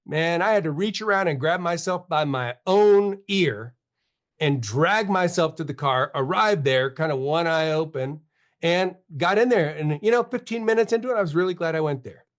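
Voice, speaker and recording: A man's voice: a little high, lively intonation, moderate pace. A man in his fifties hosting a live marketing webinar, urging his audience on in an emphatic, repetitive motivational manner. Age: 50s. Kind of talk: live webinar pep talk.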